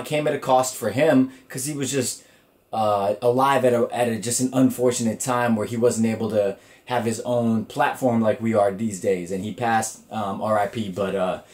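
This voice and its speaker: A man hosts his own comedy podcast alone, chatting casually from what sounds like a home setup. His voice sits at an ordinary middle pitch. He curses freely and rambles, stumbling through fillers and restarts as he goes. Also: a little mellow. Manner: loose and profane, with frequent fillers and restarts. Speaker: podcast host. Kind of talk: casual solo podcast talk.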